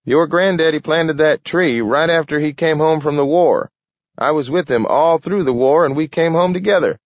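Casting note: a high, lively folksy old veteran who rambles excitably, done by a man reading a storybook. Dull, dry recording. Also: normal speed, dry recording, close to an everyday voice. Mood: reminiscing. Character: garrulous folksy old male war veteran.

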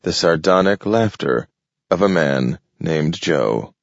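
A man reading a story aloud as an audiobook narrator, in a measured, steady way. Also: sits low, creaky, no echo. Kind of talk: scripted narration. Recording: dull lo-fi dry recording.

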